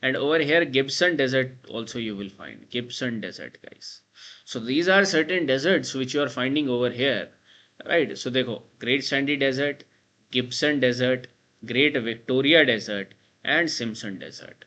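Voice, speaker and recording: Bright-voiced Indian English teacher. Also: male voice, mid-range voice, lively intonation, normal speed, dull audio. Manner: repetitive, drills the listener with frequent "right?" and "guys". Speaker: exam coaching teacher. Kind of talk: map-based lecture.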